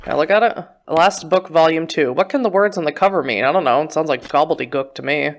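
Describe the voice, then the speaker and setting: A woman's voice: sits low, quick pace. A woman giving casual gameplay commentary, chatty and self-mocking, talking back to the game character. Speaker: let's play gamer.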